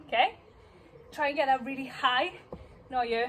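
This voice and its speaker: A woman's voice: sits high, moderate pace, a bit bright, slight background noise, rough recording. A young woman teaching a dance routine, counting beats and scatting the moves aloud, a little out of breath. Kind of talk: dance class instruction. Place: dance studio.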